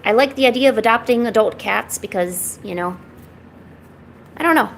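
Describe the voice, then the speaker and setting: A woman's voice: fairly high pitch, normal speed, creaky, slight background noise. A woman live-streaming from home, chatting casually with viewers and cooing baby talk to her cat. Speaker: art streamer.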